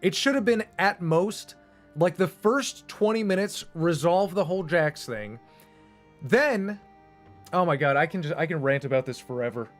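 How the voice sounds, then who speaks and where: A man's voice: on the high side, expressive, normal speed, faint music behind. A man streaming and going off on a casual, profane, emphatic rant. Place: home streaming setup.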